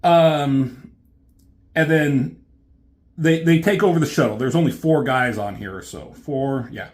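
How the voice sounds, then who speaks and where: A man reviewing a comic in a casual, rambling way, swearing often and filling pauses with ums. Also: medium pitch. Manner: rambling, swears a lot, many fillers. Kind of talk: casual chat.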